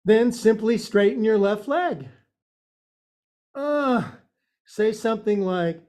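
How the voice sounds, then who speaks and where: Playful, soft-toned yoga teacher man. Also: sits high, slow, long pauses. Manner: playful, jokey instruction with silly sound effects. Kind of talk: guiding a yoga class.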